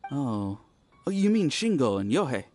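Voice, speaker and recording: A man's voice: mid-range voice, moderate pace, over music, lightly acted. An actor playing a friendly, talkative young villager in a video game, eagerly recounting what he saw. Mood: chatty. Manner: chatty, animated storytelling.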